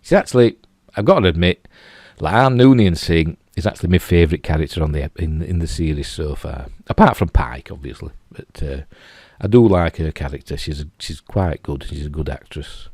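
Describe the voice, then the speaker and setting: A man's voice: rumbling low, moderate pace, a little mellow, slightly rough, no room sound, clean studio sound. A man with a Yorkshire accent reviewing a TV episode in a loose, rambling way, full of "you know" and restarts. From Yorkshire, England. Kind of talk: casual spoken review.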